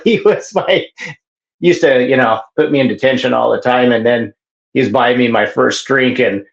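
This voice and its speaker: A middle-aged man tells a story in a loose, rambling way and leans on "you know" as he goes. His voice sits in a middle pitch. The sound is a little dull and carries the echo of a roomy space. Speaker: guest, hunter telling his story. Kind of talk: casual storytelling.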